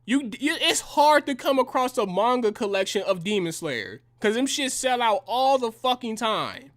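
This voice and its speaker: A man's voice: very high voice, big pitch swings, normal speed, fairly bright tone. A young man delivering a heated, profane and combative reaction rant in slangy language. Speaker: reaction commentator.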